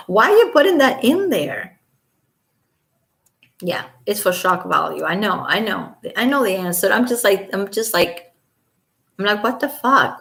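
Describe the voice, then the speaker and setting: A woman's voice: medium pitch, creaky, a bit bright. A woman at home reading a court filing aloud and breaking off into sarcastic, incredulous commentary, sometimes dropping to a whisper. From Los Angeles resident. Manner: sarcastic, incredulous asides, occasional whispered remarks.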